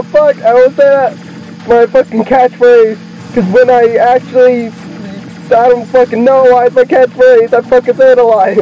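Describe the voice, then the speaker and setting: A young man doing let's play commentary, excitable, swearing constantly and yelling at the game. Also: extremely high pitch. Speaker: gaming video creator. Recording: muffled lo-fi mic with game music. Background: game music.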